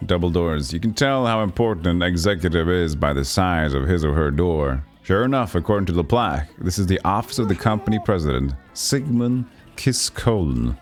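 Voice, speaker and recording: A man's voice: low-pitched, fairly quick, hardly any pauses, faint music behind. A man livestreaming a retro game, chatting casually and reading the game's narration aloud. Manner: chatty, laughs at the jokes, reads narration aloud. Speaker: game streamer.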